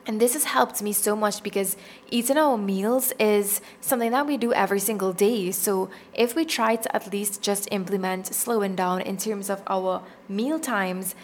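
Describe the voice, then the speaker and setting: Young adult woman, podcast host, casual self-help chat, earnest, encouraging, mid-pitched voice. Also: normal speed, slight background noise. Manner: chatty, earnest, encouraging, laughs at herself.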